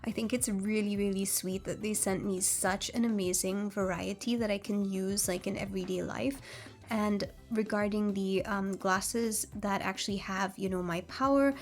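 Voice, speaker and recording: A woman's voice: medium pitch, steady tone, moderate pace. A woman vlogger chatting casually through a product review, gushing and full of fillers. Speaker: beauty vlogger.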